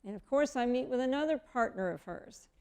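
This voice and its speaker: Gravelly-voiced woman telling her story. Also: high voice, a little fast. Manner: animated, acts out quoted dialogue. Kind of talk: personal testimony storytelling.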